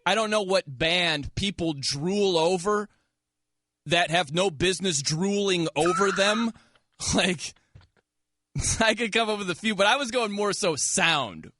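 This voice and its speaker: A man hosting a sports talk radio show, teasing his co-host and callers with quick banter and frequent laughs. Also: sits high, bright, forceful tone, no echo. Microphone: studio microphone.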